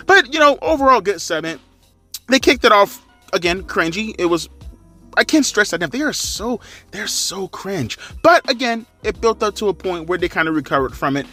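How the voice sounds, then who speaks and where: A man's voice: high voice, big pitch swings, moderate pace, pushed and bright, faint music behind. A man giving a casual wrestling review, rambling, profane and sarcastic. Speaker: wrestling commentator.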